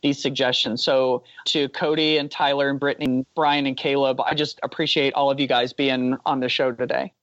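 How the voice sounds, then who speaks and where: A man's voice: medium pitch, level tone, moderate pace, few pauses, fairly bright tone, no echo, lo-fi sound. A man co-hosting a teacher podcast, thanking guests earnestly while wrapping up. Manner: earnest and appreciative. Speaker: podcast co-host. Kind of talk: warm wrap-up of a podcast interview.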